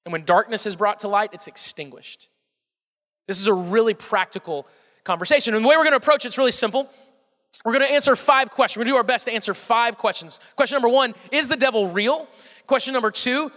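A man's voice: very high-pitched, a bit bright, long reverb tail. A male pastor with a Southern American accent preaching a conversational sermon, often repeating words and putting questions to the congregation.

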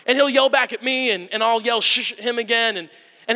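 A man in his thirties, a pastor, preaches with a very high, bright, forceful voice. He tells stories at a quick clip, acting them out as he goes. His voice rings with the long reverb of a large hall. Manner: animated storytelling, acts out whisper-yelling. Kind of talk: sermon.

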